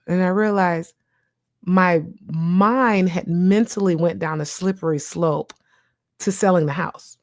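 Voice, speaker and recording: A woman hosting a casual podcast as a therapist, animated and encouraging, acting out her own inner voice as she talks. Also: lowish voice, moderate pace, no echo, studio quality. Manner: encouraging, direct advice to listeners. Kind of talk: casual motivational podcast talk.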